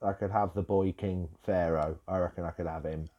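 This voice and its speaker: A man's voice: low voice, fairly even intonation, moderate pace, dark tone, muffled recording. A man co-hosting a casual podcast, teasing and jokey. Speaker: podcast co-host. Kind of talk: casual chat.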